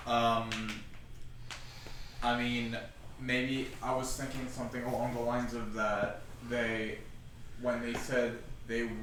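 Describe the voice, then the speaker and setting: Low-voiced man, distant, in echoey room. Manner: tentative, thinks aloud. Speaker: Bible study participant. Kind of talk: casual group discussion. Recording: echoey room, far from mic, noisy.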